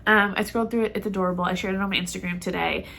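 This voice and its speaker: A woman's voice: medium pitch, fairly even intonation, very fast, creaky, sharp tone. A woman co-hosting a knitting podcast, chatting casually and rambling with lots of fillers, a bit stuffy in the nose. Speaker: podcast co-host.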